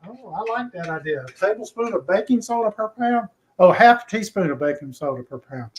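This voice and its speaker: A man's voice: high-pitched, animated, brisk. A man co-hosting a casual cooking show, easygoing and joking with his co-host. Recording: distant mic with faint background noise.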